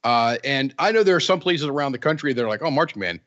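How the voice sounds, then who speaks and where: A man's voice: mid-range voice, expressive, quick pace, a bit bright, lo-fi sound. Joking, rambling podcast host man. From Central Ohio. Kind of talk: casual podcast banter.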